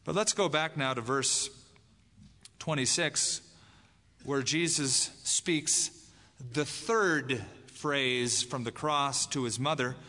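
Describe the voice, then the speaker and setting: A man's voice: medium pitch, takes it slowly, pushed and bright. A man preaching a sermon as pastor, emphatic, dramatizing the lines he quotes. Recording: long hall reverb.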